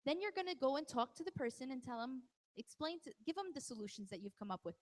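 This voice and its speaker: A woman with a high voice gives a live parenting talk in a large hall. Her words ring out with a long reverb tail. She keeps it conversational and teases audience members by name. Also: expressive, fast. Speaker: parenting workshop presenter.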